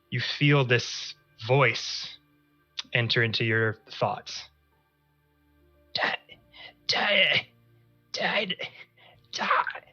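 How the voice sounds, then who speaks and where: Male dungeon master, bright voice, slow drawn-out scene narration, faint music behind. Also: mid-range voice, dull audio. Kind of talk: narrating a tabletop game.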